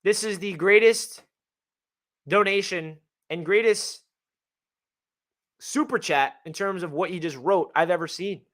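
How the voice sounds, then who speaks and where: Hyped-up man with a high, bright voice. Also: unhurried, long pauses. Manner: hyped, excitable fan talk. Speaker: sports fan livestream host. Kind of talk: casual livestream chat.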